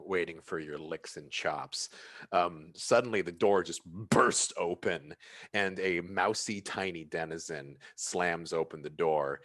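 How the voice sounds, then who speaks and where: A man's voice: deep voice, a bit bright, no echo. A man narrating as game master in a casual, laid-back way, swearing now and then.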